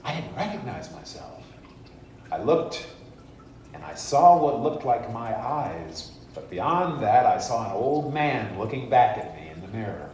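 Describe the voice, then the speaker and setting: A man voicing an aging husband who pleads with his wife for comfort in a plaintive, drawn-out way, heard in an echoey church hall from a distant mic. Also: mid-range voice, very animated, darkish tone, a little hiss or hum. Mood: pleading.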